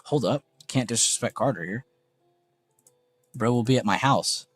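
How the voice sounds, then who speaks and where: A young man hosting a casual live trading stream, excitable and gushing, swearing freely. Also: mid-range voice, normal speed. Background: faint background music.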